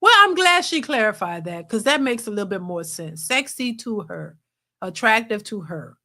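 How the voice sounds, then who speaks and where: A woman's voice: mid-range voice, sing-song, moderate pace, bright, forceful tone. A woman hosting a live reaction stream, laughing often and reading viewer super chats aloud. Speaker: reaction channel host.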